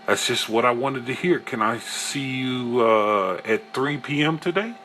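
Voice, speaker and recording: A man voicing a pushy middle-aged male client who talks briskly and eagerly on the phone, in a storybook reading. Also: mid-range voice, sharp tone, slight background noise.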